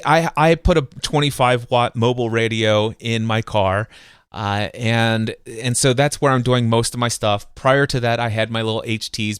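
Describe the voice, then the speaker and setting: A man's voice: medium pitch, clean tone, dry recording, clean studio sound. A man hosting a podcast, telling stories with enthusiasm, acting out sounds and voices, and often restarting his sentences. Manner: animated, acts out sounds and voices in anecdotes; frequent restarts and stumbles. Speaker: podcast host. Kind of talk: excited conversational storytelling.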